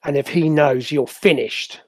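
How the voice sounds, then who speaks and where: A man voicing a calm, contemptuous female villain who speaks low, quiet and clipped. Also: a little slow, no echo. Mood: threatening.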